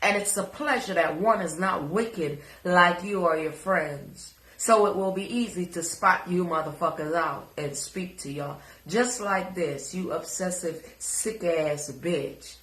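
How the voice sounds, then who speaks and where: Slow, profane Jamaican woman ranting. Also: on the low side, fairly bright tone, roomy sound, rough recording. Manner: profane, confrontational. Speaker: social media personality. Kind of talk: ranting live video.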